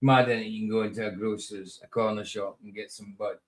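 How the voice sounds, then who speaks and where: A man hosting a podcast in casual chat, laid-back and quick to laugh. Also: on the low side, steady tone. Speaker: podcast host.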